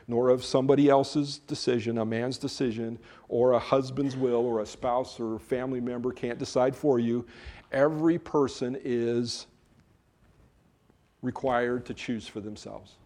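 A man's voice: mid-range voice, fairly even intonation, moderate pace, darkish tone. A man, a pastor, preaching a sermon in a conversational way, with joking asides between earnest points.

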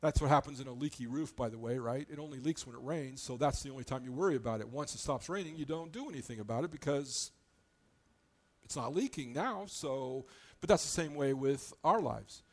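Male pastor, sermon, conversational, mid-pitched voice, restarts phrases. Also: a little fast. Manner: conversational, plain-spoken preaching with frequent restarts.

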